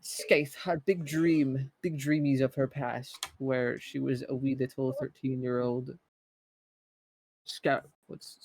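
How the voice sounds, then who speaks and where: Gravelly man rambling through a recap. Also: medium pitch, little pitch movement, slow pace, darkish tone, a little hiss or hum. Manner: rambling recap with fillers, acting out characters' lines. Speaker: player recapping the session. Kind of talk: casual chat.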